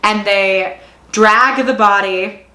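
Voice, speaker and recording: A woman's voice: medium pitch, fairly even intonation, takes it slowly, sharp tone. A woman casually recapping a TV episode, talking in a chatty way full of fillers and acting out the quotes. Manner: chatty, filler-heavy retelling with acted-out quotes. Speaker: show reviewer. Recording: roomy echo.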